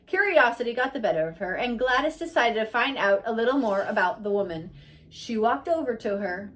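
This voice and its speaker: Female audiobook reader, steady narration, slightly high pitch. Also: a little fast. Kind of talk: reading a biography aloud.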